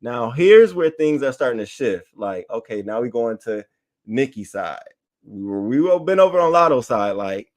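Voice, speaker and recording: A man talks through celebrity gossip in casual, slangy commentary, speaking straight to his online chat. His delivery is animated, with frequent asides and restarts, as he reads tweets aloud. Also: mid-range voice, normal speed. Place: home setup, talking to chat.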